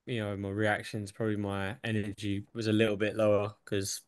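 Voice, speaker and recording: A man's voice: on the low side, brisk, no room sound, studio quality. A young English man, a fighter, chatting casually in an interview, swearing freely and laughing as he talks. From England. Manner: relaxed, swears freely, laughs between thoughts. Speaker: UFC fighter guest.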